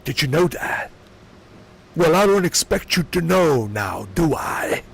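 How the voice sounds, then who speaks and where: A man doing a comedic impression of a boastful older tough-guy ex-wrestler politician, in a slow, gravelly drawl. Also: fairly high pitch, sing-song, a little hiss or hum, full character voice. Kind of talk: comedic impression while gaming.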